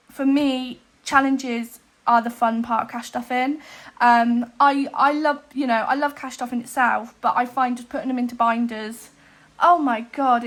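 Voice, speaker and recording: A young woman with a high, light voice chats to her camera in a casual vlog. She rambles happily, fills gaps with "um" and breaks off for quick asides. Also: a bit bright. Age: 20s. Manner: chatty, rambling, many "um"s, frequent asides. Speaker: cash stuffing vlogger.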